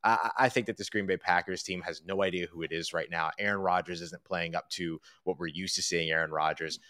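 A man co-hosting a sports podcast, talking casually and joking in quick, animated bursts. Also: low-pitched.

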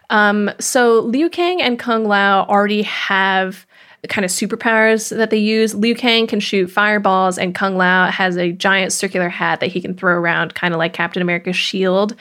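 A woman's voice: mid-range voice, fairly bright tone. A woman co-hosting a podcast, recapping a movie plot in casual chat with frequent fillers. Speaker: podcast co-host.

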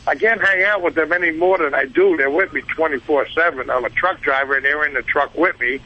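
A man's voice: a little high, fairly quick, breathy edge, muffled recording. A man with a Brooklyn accent calling in to a radio show, a truck driver who talks in a rambling, chatty way. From New Jersey. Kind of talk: phone-in chat.

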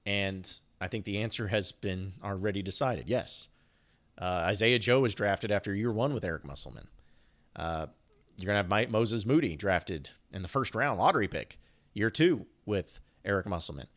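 A man's voice: on the low side, animated, moderate pace, fairly bright tone. A man hosting a casual sports podcast, talking in a rambling, loose way with joking asides and restarts. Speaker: podcast host.

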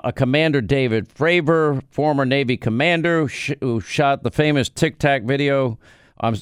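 Male American radio host, slightly high-pitched, emphatic and chatty, restarts his sentences, dry studio mic. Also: smooth, no echo. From United States. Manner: emphatic, conversational, frequent restarts. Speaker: radio talk show host. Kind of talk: talk radio monologue.

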